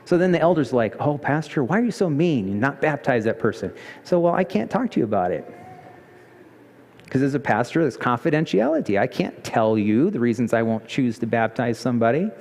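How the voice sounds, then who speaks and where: A male pastor preaching a sermon, telling a story with lively emphasis and pitch jumps. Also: a little fast. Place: church sanctuary. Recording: church hall reverb.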